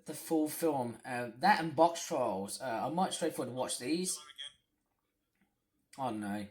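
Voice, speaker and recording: A gaming video host giving rambling commentary, halting with many fillers and restarts, and trailing off quietly at the ends of phrases. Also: medium pitch, a little hiss or hum.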